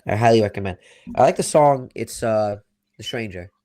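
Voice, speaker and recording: Rambling Long Island man, low voice. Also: moderate pace, warm tone. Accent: Long Island New York. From Long Island, New York. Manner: rambling, heavy on "you know" and "like". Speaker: podcast co-host. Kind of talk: casual chat.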